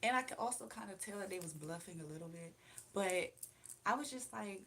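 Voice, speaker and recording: A woman's voice: mid-range voice, lively intonation, a little fast, fairly bright tone, a little hiss or hum. A young woman hosting a casual livestream at home, chatting in a rambling way straight to her viewers and sounding tired. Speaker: livestream host. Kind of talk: casual chat. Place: indoors at home.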